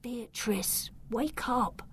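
A woman voicing a frightened, ashamed orphan boy in a storybook reading, hushed and anxious. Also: medium pitch, animated, unhurried. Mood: whispering.

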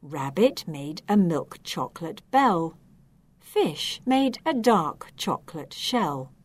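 A woman reading a children's story aloud, slow, expressive and clearly enunciated. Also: fairly low pitch.

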